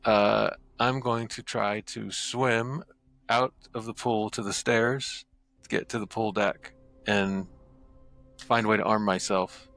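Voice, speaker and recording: A man playing a tabletop game, narrating his character's actions in lively storytelling with quick bursts. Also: fairly low pitch, gravelly, faint music behind. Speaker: player.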